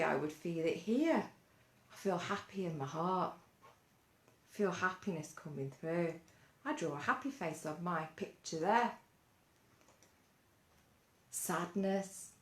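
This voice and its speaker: Slow, playful woman teaching kids mindfulness. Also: on the low side, big pitch swings. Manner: playful, coaxing, asks many questions. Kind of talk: gentle mindfulness lesson for kids. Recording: roomy echo.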